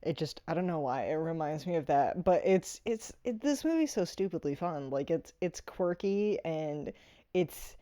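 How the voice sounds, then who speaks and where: A woman talks through a movie review in a loose, rambling way, full of fillers and frequent laughter. Her voice sits fairly low and sounds mellow and warm. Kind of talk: casual spoken review.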